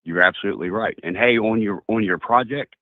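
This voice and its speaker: Male caller, low-voiced and folksy, on a thin, dry phone line. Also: fairly quick, no echo. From Tennessee, USA. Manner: folksy and emphatic, repeats himself.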